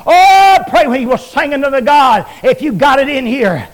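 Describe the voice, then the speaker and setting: A man preaches, his voice riding very high as he chants the same phrases again and again. He builds in waves to loud, ringing shouts, then drops low between them. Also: sing-song, moderate pace, low-quality recording. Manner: chanting, repetitive, rises to shouts. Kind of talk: shouted revival sermon.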